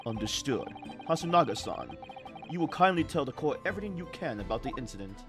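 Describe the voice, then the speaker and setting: A man's voice: medium pitch, very animated, brisk, over music. A man playing a stern theatrical judge. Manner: commanding, theatrical courtroom declamation. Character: stern male trial judge.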